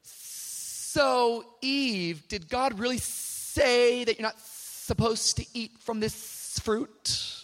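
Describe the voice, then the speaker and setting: A man voicing a sly, tempting serpent in a sermon story, speaking slowly and coaxingly. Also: very high-pitched, fairly bright tone, exaggerated voice.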